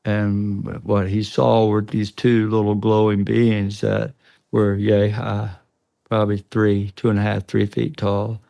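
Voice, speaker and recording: A man's voice: lowish voice, monotone, slow, creaky, mellow, no room sound. A man, a guest on an interview show, earnestly recounting a tense personal experience, often breaking off and restarting. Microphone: studio podcast mic.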